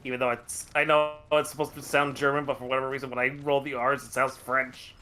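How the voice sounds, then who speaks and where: A man co-hosting a game stream, chatting in a relaxed, joking way. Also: mid-range voice, quick pace, a little hiss or hum. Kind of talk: casual gameplay chat. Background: game music.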